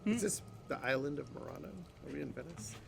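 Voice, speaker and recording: A man playing a tabletop game, joking with the others in a relaxed, unhurried way. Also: a little high, creaky. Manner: slow, joking. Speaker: player. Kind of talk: casual chat at a game table. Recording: noisy home table recording.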